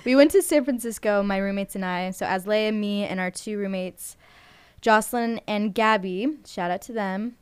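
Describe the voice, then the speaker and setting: A young woman runs a college radio show in a smooth, clear voice. She chats and rambles, packs her talk with fillers and little giggles, and speaks close to a studio microphone. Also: medium pitch, normal speed. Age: young adult. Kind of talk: casual radio chat.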